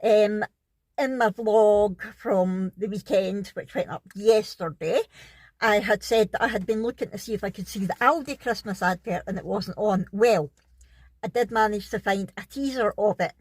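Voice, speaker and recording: A woman's voice: mid-range voice, moderate pace, a little mellow, no echo. A Scottish woman, middle-aged, chatting casually to camera in a family vlog, rambling with lots of ums and little laughs. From Scotland. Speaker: vlogger.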